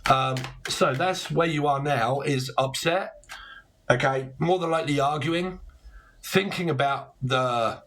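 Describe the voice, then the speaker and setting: A man's voice: on the high side, measured pace, a bit bright, a little hiss or hum. A man giving a casual tarot reading, talking bluntly and rambling, with plenty of swearing and slang. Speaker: tarot reader.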